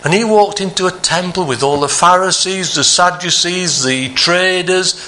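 A man preaching a sermon, earnest, climbing higher for emphasis and dropping soft on the quieter phrases. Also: normal speed.

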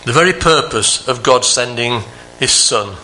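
A man preaching a sermon, earnest, climbing higher for emphasis and dropping soft on the quieter phrases. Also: lively intonation, a little slow, slight background noise.

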